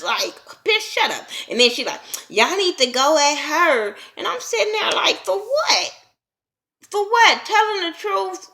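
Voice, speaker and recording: A woman giving a blunt, profane, casual recap of a reality TV episode, acting out the reactions as she goes. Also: mid-range voice. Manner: blunt, profane, animated retelling with voiced reactions. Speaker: TV show reviewer.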